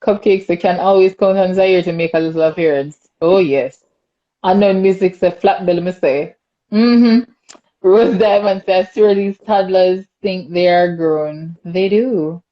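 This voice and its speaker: A woman's voice: fairly low pitch, measured pace. Jamaican lady hosting a chat show, laughing a lot, dull lo-fi sound. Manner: laughs often, animated and chatty. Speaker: podcast host. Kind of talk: casual chat reading comments.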